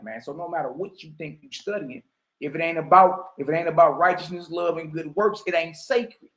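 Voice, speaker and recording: High-voiced emphatic preacher man, echoey room. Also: a little fast, fairly bright tone. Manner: emphatic, with street slang and asides to listeners. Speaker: spiritual teacher. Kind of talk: preaching commentary.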